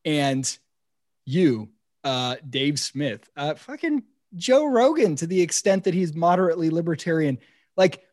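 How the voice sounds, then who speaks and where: A man speaking as a podcast guest, animated and sarcastic, cursing as he vents. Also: a little high, a little slow. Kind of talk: casual political podcast chat.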